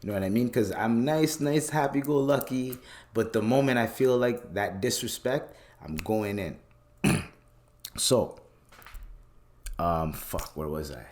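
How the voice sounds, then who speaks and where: A man in his late twenties with a fairly low voice, ranting casually on his podcast. He swears freely and tells the story with lots of energy, jumping way up in pitch when he gets heated. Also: slight background noise. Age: late 20s. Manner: profane, animated, voice leaps high when worked up. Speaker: podcast host.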